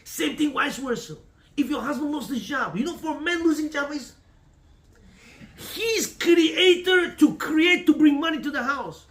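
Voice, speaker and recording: A man's voice: very high-pitched, expressive, measured pace, fairly bright tone. A man teaching a class on marriage, preachy and emphatic, in broken English with lots of repetition. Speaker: religious teacher. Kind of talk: Torah class talk on marriage.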